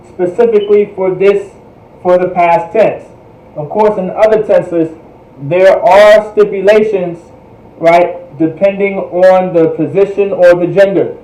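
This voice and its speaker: A man's voice: high-pitched, warm tone, lo-fi sound. A man teaching a language class in a livestreamed lecture, patiently repeating words to drill their pronunciation. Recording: echoey room.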